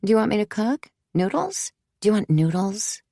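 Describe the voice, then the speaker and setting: Woman voicing a patient mother, gentle coaxing questions, raised pitch, dry close sound. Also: sing-song, moderate pace, dry recording. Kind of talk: audiobook character reading.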